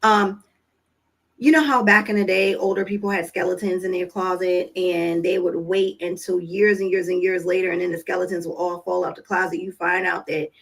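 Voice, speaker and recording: A woman's voice: mid-range voice, gravelly, slightly rough, rough recording. A woman vlogging to camera about parenting in a casual monologue, telling stories and acting out what people said, with an earnest, coaching tone. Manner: conversational storytelling, acting out quoted dialogue; earnest, coaching tone with direct questions to listeners.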